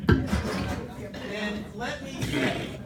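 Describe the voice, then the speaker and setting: An older man, son of the guest of honor, casually tells a gathering an anecdote and acts out the quotes with lively voices. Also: extremely high pitch, drawn-out words, vocal fry. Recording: roomy hall, distant mic, background noise.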